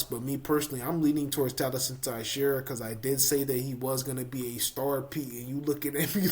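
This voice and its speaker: Brief: male podcast co-host, medium pitch, excitable, playful, repeats himself for effect. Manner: hyped, playful, repeats catchphrases. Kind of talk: casual MMA chat.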